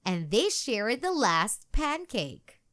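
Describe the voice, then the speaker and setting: A woman reading a children's book aloud in a gentle, expressive storytelling manner. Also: a little high, takes it slowly. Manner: gentle, expressive, sing-song.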